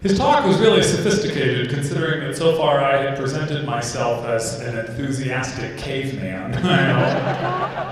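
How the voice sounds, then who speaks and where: A man's voice: mid-range voice, animated, normal speed, background noise. A man doing a stand-up comedy set, telling a story and acting out the voices in it. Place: large hall with a live audience. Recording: echoey hall recording from far off.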